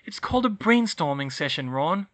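A man voicing a bossy, clever teenage witch girl in an audiobook reading, insistent and brisk. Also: a little high, expressive, fairly bright tone, pitched above the performer's own voice. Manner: brisk, insistent, rises to shrieks. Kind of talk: audiobook reading of fan fiction.

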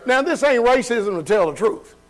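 A man with a high voice delivers a sermon in a church hall. He talks colloquially and keeps pulling the congregation in with call-and-response questions. He laughs between his points. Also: animated, moderate pace. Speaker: preacher.

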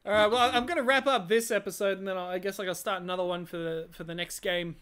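Bright-voiced excitable gaming host. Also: mid-range voice, quick pace. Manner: excitable, laughs easily. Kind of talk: casual gaming chat.

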